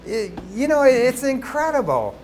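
Male pastor, fairly high voice, chatty storytelling sermon, faint background noise. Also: unhurried. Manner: animated, conversational storytelling with asides to the congregation.

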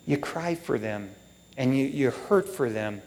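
A man's voice: mid-range voice, lively intonation, unhurried, creaky, darkish tone, slight background noise. A middle-aged man preaching a sermon as pastor, folksy and emotional, with "man" and "you know" all through his talk. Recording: long hall reverb.

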